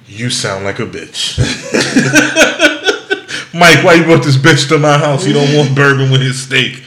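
Here the podcast host talks at a slow pace, his medium-pitched voice bouncing around an echoey room. He's loud and animated, telling rowdy stories in casual chat, performing the quotes, and laughing often.

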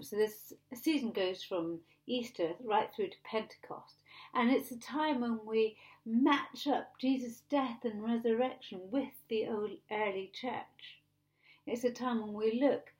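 A woman pastor preaching a sermon in a conversational, animated way, retelling scripture like a story. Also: a little high.

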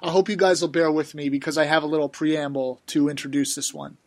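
A man's voice: a little high, fairly even intonation, fast. A man co-hosting a casual podcast, talking about movies in an enthusiastic, opinionated and joking way. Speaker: podcast co-host.

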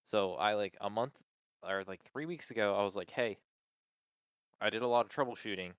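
A man's voice: on the low side, normal speed, a bit bright, clean tone, no room sound, studio quality. A man in casual chat, venting with exasperation about a support call, swearing often and filling with "like".

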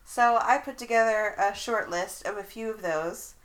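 A woman's voice: mid-range voice, normal speed, low-quality recording. A young woman co-hosting a casual chat podcast, laughing often between her lines. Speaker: podcast co-host.

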